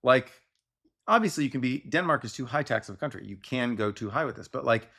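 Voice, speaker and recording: A man hosting a podcast, chatting casually with jokes and quick asides, from Texas with a slight Texan accent. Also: mid-range voice, expressive, pushed and bright. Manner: joking, riffing, quick asides. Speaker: podcast host. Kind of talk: casual chat.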